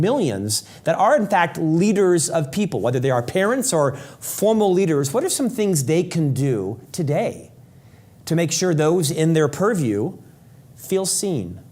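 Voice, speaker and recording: Male interviewer, 40s, slightly high voice, calm and thoughtful delivery. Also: a little slow. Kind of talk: conversational interview questions.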